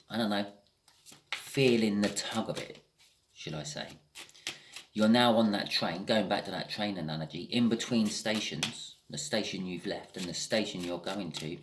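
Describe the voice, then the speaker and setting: A man's voice: fairly low pitch, background noise. A man giving a casual tarot reading, thinking aloud with frequent restarts and the odd swear word. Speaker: tarot reader.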